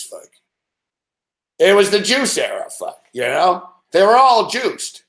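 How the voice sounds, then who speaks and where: A man hosting a sports betting show, telling a late-night story in a profane, rambling, animated way. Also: on the high side, moderate pace, roomy sound.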